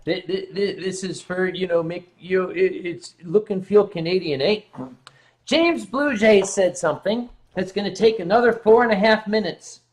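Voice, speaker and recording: A tipsy man hosts a laid-back drinking livestream, speaking in a high-pitched voice at a moderate pace. He reads viewer messages out loud, jokes around, and rambles.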